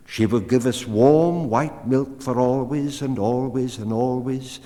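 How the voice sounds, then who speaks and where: A man's voice: medium pitch, a little slow, mellow, voice pushed up, natural voice. A man voicing a proud, commanding woman in a storybook, speaking in a raised, emphatic, declaiming voice. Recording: long hall reverb.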